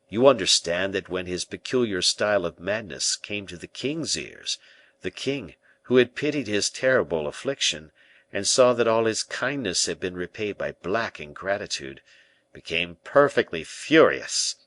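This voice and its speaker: A man voicing a calm, self-possessed schemer in an audiobook, persuading and giving orders with smooth assurance. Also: on the low side, exaggerated voice. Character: cool, scheming male musketeer-bishop. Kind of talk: audiobook character reading.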